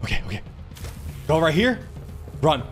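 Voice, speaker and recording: A young man plays a horror game live, panicking and talking to himself. His voice sits high and leaps wildly between yelps and hushed mutters. Faint game music plays behind him. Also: big pitch swings, moderate pace. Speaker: gaming streamer.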